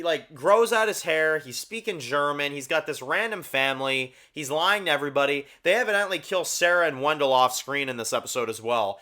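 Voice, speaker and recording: A man's voice: a little high, bright, forceful tone. A man hosting his own TV review channel, ranting bluntly about episodes with heavy swearing, lots of fillers and repeated words for emphasis. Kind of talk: casual ranked-review rant.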